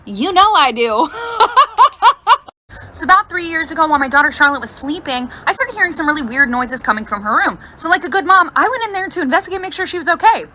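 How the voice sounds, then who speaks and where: A woman in her thirties, a mother telling casual stories about her family, animated and laughing as she goes. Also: high-pitched, rapid-fire, hardly any pauses, slight background noise. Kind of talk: casual storytime.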